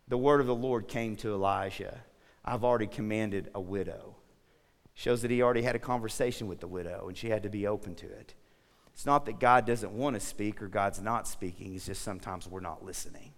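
A man's voice: lowish voice, a little fast. A man preaching a sermon as pastor, telling stories and asking the congregation questions. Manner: lively storytelling, asks the congregation questions. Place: church sanctuary. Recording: long hall reverb.

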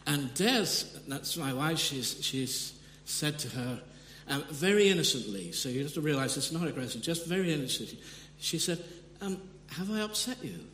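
A man's voice: on the high side, lively intonation, moderate pace, few pauses, a bit bright. A man preaching a sermon in an earnest way, often restarting his sentences and rising sharply for emphasis. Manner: earnest, with frequent restarts and sudden emphatic rises. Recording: echoey hall with long reverb, faint hum.

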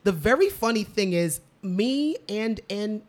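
A woman's voice: mid-range voice, lively intonation, measured pace, a little mellow. A woman co-hosting a casual podcast chat, bubbly and giggly as she tells stories. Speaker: podcast co-host.

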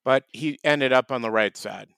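A man's voice: mid-range voice, normal speed, vocal fry, a bit bright, clear, resonant tone, dry recording. A man in the middle of his range, co-hosting a comedy podcast. He lectures and teases his partner in a wry, mock-serious tone. The sound is dry and close to the mic. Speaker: podcast co-host. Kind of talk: casual comedic podcast banter.

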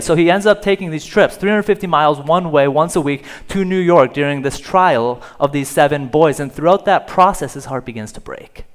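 A man's voice: fairly high pitch, brisk, few pauses, clean tone. A male pastor telling a story in a sermon. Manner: storytelling, rising in volume for dramatic moments. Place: church sanctuary.

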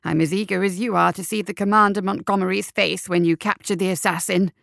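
A woman voicing a flustered male coroner in an audiobook, talking in a quick, nervous, placating way. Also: medium pitch, fairly even intonation, vocal fry, fairly bright tone, dry recording, studio quality. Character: flustered male doctor, a coroner, thinking fast.

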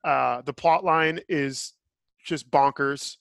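Guy ranting about a movie, kinda high voice, dry close sound, blunt and opinionated. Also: fairly even intonation, takes it slowly, creaky, fairly bright tone, no echo. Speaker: podcast host. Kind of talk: casual review chat.

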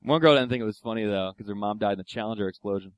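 A man's voice: on the low side, racing, clear, resonant tone, no room sound. A young man doing a profane stand-up comedy set, ranting and acting out the people in his stories. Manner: profane, ranting, acts out quoted voices.

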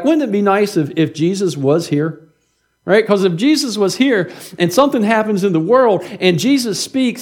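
High-voiced man preaching conversationally. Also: darkish tone. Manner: conversational preaching with many repeated words and tag questions. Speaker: pastor. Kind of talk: sermon.

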